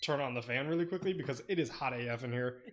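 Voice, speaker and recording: A man's voice: mid-range voice, quick pace. A young man co-hosting a casual book club podcast, joking in a mock-solemn way and reading summaries in a steadier voice. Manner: reads synopsis in a quieter, steadier voice. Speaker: podcast co-host.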